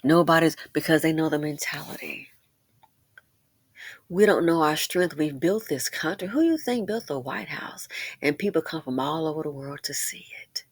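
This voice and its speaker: A woman host giving impassioned social commentary, swinging between loud emphasis and hushed asides. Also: deep voice, normal speed, dry recording.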